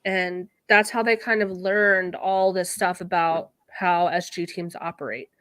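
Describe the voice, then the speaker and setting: A woman's voice: fairly low pitch, steady tone, measured pace, a bit bright, dry recording. A woman co-hosting a podcast, recapping an episode in casual chat and swearing freely. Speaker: podcast co-host.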